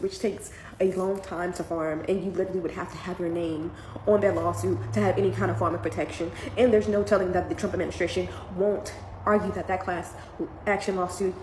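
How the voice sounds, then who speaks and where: A woman, a mother, giving emotional vlog commentary while trying not to cry, her talk earnest and halting. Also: fairly low pitch, darkish tone. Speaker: parent commenting on the news. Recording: echoey room with faint background noise.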